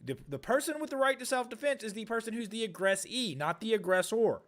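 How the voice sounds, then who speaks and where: A man's voice: high voice, lively intonation, brisk, fairly bright tone. A man co-hosting a political podcast, talking in an emphatic, argumentative way and often repeating words as he starts a point. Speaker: podcast co-host. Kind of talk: political commentary chat.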